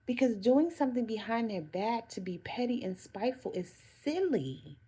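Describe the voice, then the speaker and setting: A female vlogger speaks directly to her viewers in a casual motivational talk, offering earnest self-care advice and repeating phrases for emphasis. Her voice is fairly high, with lively intonation and a moderate pace. The tone is warm with a slight roughness.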